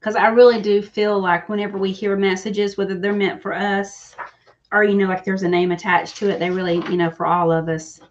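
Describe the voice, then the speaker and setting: During a live stream, a woman gives readings while chatting with viewers, emotional and confiding, saying "y'all" and laughing easily. Her medium-pitched voice moves little in pitch and runs a little fast. The lo-fi stream audio sounds slightly dull with a touch of hiss or hum.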